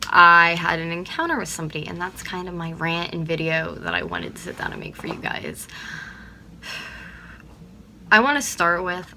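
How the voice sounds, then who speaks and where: A woman's voice: lowish voice, bright, forceful tone, a little hiss or hum. A young woman from Pennsylvania ranting to her viewers on a vlog, blunt and swearing freely, with lots of "like". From Pennsylvania, USA. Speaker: vlogger.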